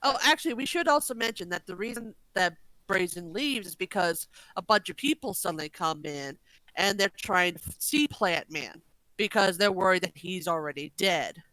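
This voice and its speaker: A woman's voice: lowish voice, animated, moderate pace, bright, forceful tone, no room sound, poor audio. A woman co-hosting a podcast in casual chat, correcting details and swearing now and then. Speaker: podcast co-host.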